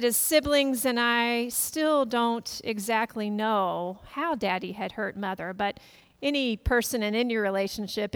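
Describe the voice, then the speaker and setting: A woman pastor preaching a sermon, gently retelling a family story to her congregation. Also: mid-range voice, smooth. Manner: gentle storytelling, quoting family members softly.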